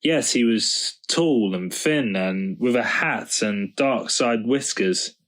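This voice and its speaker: A man's voice: mid-range voice, slow pace, fairly bright tone. A man voicing an anxious, polite father in a storybook. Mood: worried. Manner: doubtful, polite.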